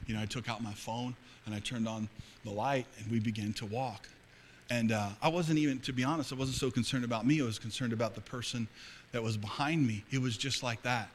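A middle-aged male pastor preaching a sermon to a congregation, dropping to hushed confiding and rising to loud fervor. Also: mid-range voice, slight background noise. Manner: swings between hushed, intimate confiding and loud, fervent preaching. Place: church hall before a congregation.

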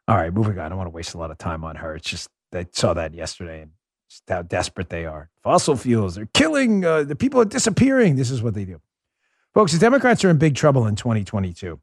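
A man hosting a political commentary show, talking fast and fired-up with sarcastic asides and frequent laughs. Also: low-pitched, animated, no room sound, clean studio sound. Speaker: podcast host.

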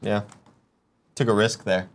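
A man's voice: fairly low pitch, little pitch movement, measured pace, creaky. A young man co-hosting a casual morning show, joking around and reading out tips. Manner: joking, does impressions. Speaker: co-host. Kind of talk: casual chat.

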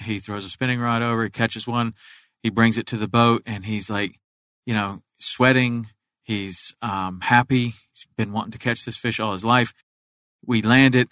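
A man hosting a casual chat, telling stories in a rambling way with halting restarts. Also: fairly low pitch, fairly bright tone, no echo.

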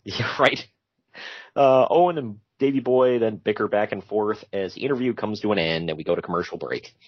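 A man's voice: on the low side, brisk, no echo. A man co-hosting a podcast, casually recapping wrestling with jokey asides and frequent laughs. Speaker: podcast co-host. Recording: dull lo-fi sound.

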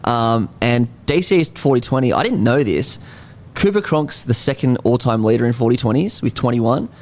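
A man on a casual sports podcast, briskly chiming in with stats. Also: medium pitch, expressive, darkish tone.

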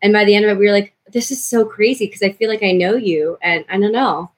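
A woman's voice: medium pitch, fast talker. Young woman, bubbly and gushing, video call mic. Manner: bubbly, gushing, filler-heavy. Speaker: voice actor. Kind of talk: casual chat.

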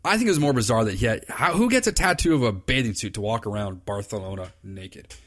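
A man's voice: fairly low pitch, lively intonation, fast, a bit bright. A man hosting his own podcast, telling rambling, enthusiastic stories in casual chat. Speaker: podcast host, fly fishing consultant. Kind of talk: casual solo podcast talk. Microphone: computer recording.

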